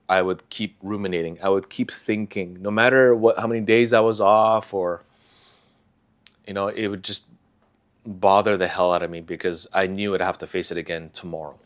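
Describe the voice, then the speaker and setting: Vlogger, male, lowish voice; soft, halting confessional delivery with sighs and restarts. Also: fairly even intonation. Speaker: vlogger sharing a personal story. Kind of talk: confessional personal talk.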